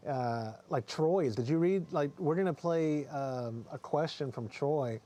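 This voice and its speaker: A man's voice: a little high, measured pace, mellow. A man hosting a casual podcast chat, talking in a rambling, self-correcting, jokey way, with a mild speech impediment. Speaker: podcast host.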